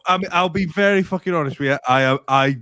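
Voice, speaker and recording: A man's voice: a little high, quick pace, sharp tone, no echo. A Scottish man comedian chatting as a guest on a video call, sweary and self-deprecating. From Scotland. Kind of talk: casual chat.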